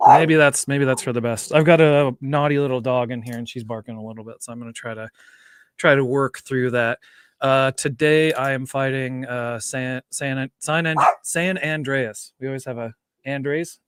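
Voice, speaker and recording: A man's voice: mid-range voice, steady tone, normal speed, clear, resonant tone. A man chatting casually online in an easygoing, rambling way. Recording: home mic, faint noise, dog nearby.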